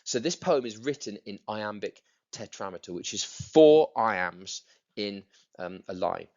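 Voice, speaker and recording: With highs cut off, the recording carries a man's darkish, low voice that moves with lively intonation at a slightly slow pace. He teaches students a poem, stressing words through repetition and tapping the rhythm.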